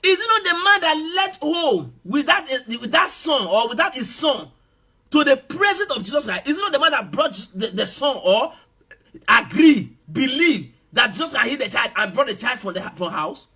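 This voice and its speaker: A pastor preaching a sermon with passion, repeating his phrases and breaking into shouts for emphasis. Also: very high voice, big pitch swings, moderate pace, slightly rough.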